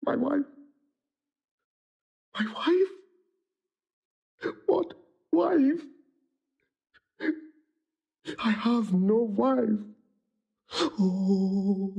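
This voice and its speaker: A man's voice: a little high, expressive, moderate pace, breathy edge, dull audio. An actor playing a jealous, tormented nobleman in a classical stage drama, speaking in a declamatory, anguished way.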